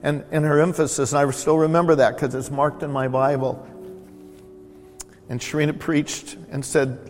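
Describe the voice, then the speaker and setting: A man's voice: fairly high pitch, steady tone, moderate pace, in a large hall. A male pastor preaching a sermon in a church, with a conversational style that keeps repeating words for emphasis. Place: church sanctuary.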